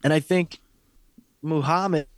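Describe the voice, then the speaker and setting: A man's voice: a little high, steady tone, measured pace, dry recording. A man co-hosting a fight podcast, talking in a blunt, profane, opinionated way in casual sports chat. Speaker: podcast co-host.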